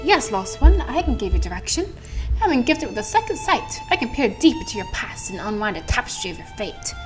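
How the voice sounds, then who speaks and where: A woman voicing a mysterious female fortune teller who speaks in a slow, theatrical, mystical way. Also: fairly high pitch, very animated, over music, pitched above the performer's own voice, poor audio.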